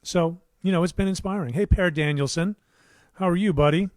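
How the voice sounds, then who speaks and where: Middle-aged male musician, relaxed rambling livestream host, dry close studio sound. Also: high-pitched, brisk, dry recording. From United States. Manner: rambling, warm asides, many fillers and restarts. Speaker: musician hosting his own livestream. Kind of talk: casual livestream chat. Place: his home recording studio.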